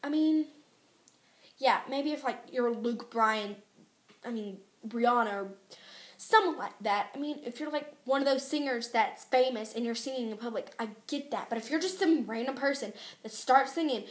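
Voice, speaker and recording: A teenage girl vlogging in a casual, exasperated rant, chatty and quick to complain. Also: fairly high pitch. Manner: ranting, exasperated, fast and chatty. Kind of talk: casual chat to camera. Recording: echoey room.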